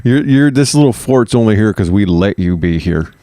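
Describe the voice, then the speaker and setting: A man putting on a low, flat voice to play a stern, gruff older male chief as a podcast joke. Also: moderate pace, dry recording, natural voice.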